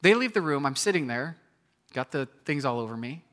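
In his sermon, a thirtysomething pastor animatedly recounts a personal story, dramatizing scenes and breaking into sudden loud outbursts. He speaks at medium pitch and a little fast.

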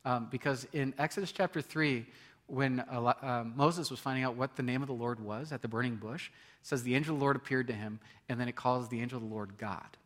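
A middle-aged man preaching a sermon as pastor, in a conversational way, often laughing and swinging between loud emphasis and soft, quiet passages. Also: medium pitch, brisk.

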